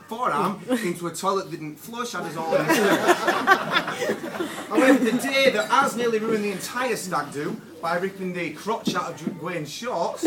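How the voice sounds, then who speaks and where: A young man giving a best man speech at a wedding, joking and a little nervous. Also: high-pitched. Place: wedding reception room with guests. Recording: roomy hall from far off, loud crowd.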